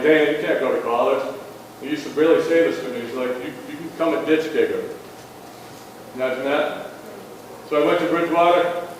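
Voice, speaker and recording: A man's voice: medium pitch, a little hiss or hum. A man giving an earnest motivational talk to parents, telling stories and checking in with "okay?". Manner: earnest, storytelling, frequent "okay?" check-ins. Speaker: school athletics speaker. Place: school auditorium. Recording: echoey hall from far off.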